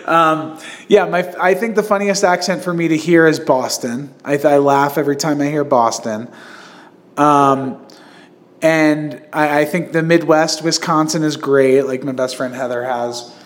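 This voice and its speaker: Guy on a podcast rambling thru a story, um and like everywhere, laughs a lot, kinda high voice. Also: steady tone, measured pace. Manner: rambling storyteller, many fillers and restarts, laughs often. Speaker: podcast host. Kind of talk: casual chat.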